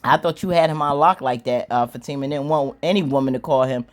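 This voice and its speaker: Low-voiced woman recapping a drama, slangy. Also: fast talker. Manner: animated, slangy storytelling with squealing acted-out quotes and laughs. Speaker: show recap host. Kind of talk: casual recap commentary.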